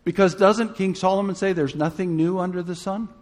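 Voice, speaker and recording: A man's voice: high-pitched, steady tone, fairly quick, darkish tone. A man preaching a sermon in a conversational way, full of rhetorical questions and humorous asides.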